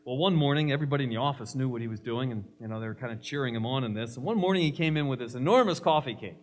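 A man's voice: mid-range voice, very fast. A male pastor preaching a sermon, emphatic, mixing scripture with humorous stories.

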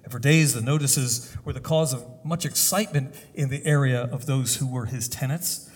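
A man preaching a sermon, telling a story deliberately, with pauses and hesitations. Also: mid-range voice, fairly even intonation, slightly rough. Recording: long hall reverb.

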